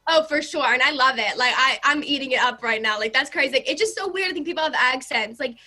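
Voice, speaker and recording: Guest: young American woman, bright sharp tone, chatty and gushing. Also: sits high, fast talker. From United States. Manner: bubbly, lots of "like". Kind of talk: casual chat.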